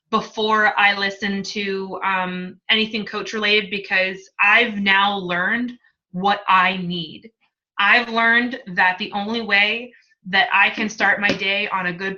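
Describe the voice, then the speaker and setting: Bright, chatty woman sharing her story. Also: mid-range voice, muffled recording. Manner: talkative, emotional, laughs often. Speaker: fitness coach, guest. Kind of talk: candid testimonial talk.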